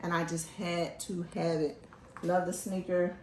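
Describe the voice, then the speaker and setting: A woman from Philadelphia hosting a casual show, talking in an animated, joking, chatty way. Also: lowish voice, a little slow, echoey room, slight background noise. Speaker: host. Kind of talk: casual chat.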